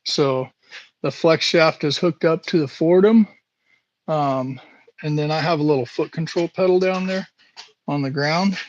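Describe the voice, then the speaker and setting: A man hosting a casual live stream from his home workshop, talking slowly with many fillers while he works. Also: a little high, no room sound, muffled recording. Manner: slow, halting, lots of fillers. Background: buffing wheel hum.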